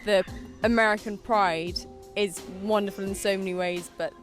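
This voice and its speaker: A woman from England giving a measured, polite street-interview answer, hedging her words. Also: medium pitch, steady tone, soft background music.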